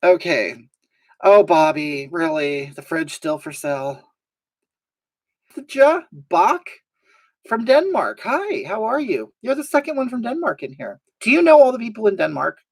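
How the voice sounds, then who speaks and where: A woman's voice: mid-range voice, sing-song, moderate pace, breathy edge. A woman hosting a live stream, reading out viewer comments in a sassy, drawling, mock-sincere way.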